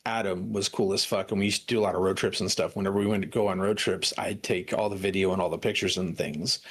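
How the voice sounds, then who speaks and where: With a deep, steady voice and a fast delivery, a young adult stream co-host chats casually, rambling through stories full of restarts and bursts of laughter. A little hiss or hum sits in the recording.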